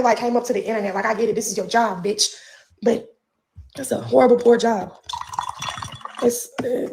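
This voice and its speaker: A pregnant woman holds forth on her livestream, swearing freely and calling out critics in a confrontational drawl. Her voice sits a little high but carries a gravelly fry. She sounds like she is talking at home. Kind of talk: ranting livestream monologue.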